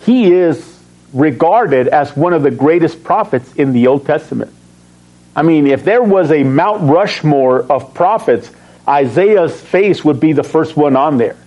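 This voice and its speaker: A man's voice: a little high, measured pace, muffled recording. A man preaching a sermon as pastor, reading scripture aloud and asking his congregation questions, chuckling between points. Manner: animated, asks the congregation questions and answers himself.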